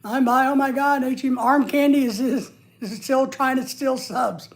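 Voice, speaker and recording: A man's voice: very high voice, fairly even intonation, normal speed. A man hosting a livestream, chatting casually and reading viewer comments aloud in a rambling, joking way. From United States. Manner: rambling and joking, with frequent restarts. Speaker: livestream host.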